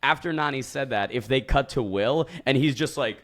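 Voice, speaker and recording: A man's voice: mid-range voice, moderate pace. Man recapping a reality show casually. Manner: animated storytelling, acts out quotes, swears. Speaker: podcast co-host.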